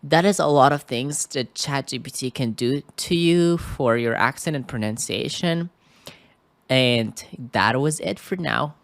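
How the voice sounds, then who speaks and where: A man walks through an English lesson at an unhurried, drawn-out pace, pausing often and checking in with "okay?". His voice sits at an ordinary middle pitch. The sound is dry and close, recorded indoors at a computer. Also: gravelly, fairly bright tone, dry recording. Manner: hesitant, keeps checking in with "okay?". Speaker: English teacher. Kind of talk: screen-recorded tutorial.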